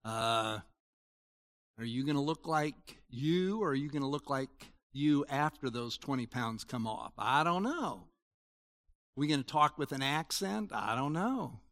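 A man in his sixties preaching a sermon in a conversational way, moving between loud emphasis and quiet asides. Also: mid-range voice, lively intonation, a little slow. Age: 60s. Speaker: pastor.

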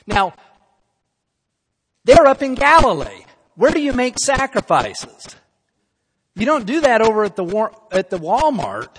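A man preaching a sermon, lively and emphatic, acting out quoted lines as he teaches. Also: high voice, moderate pace. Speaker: pastor. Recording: long hall reverb, faint noise.

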